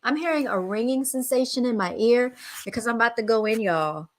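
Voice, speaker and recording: A woman's voice: fairly high pitch, fairly quick, poor audio. A woman hosting a casual livestream, talking dramatically and folksily to her viewers while she apologizes and fixes a fallen microphone stand. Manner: dramatic, folksy, keeps addressing viewers as y'all. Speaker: livestream host. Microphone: handheld studio microphone.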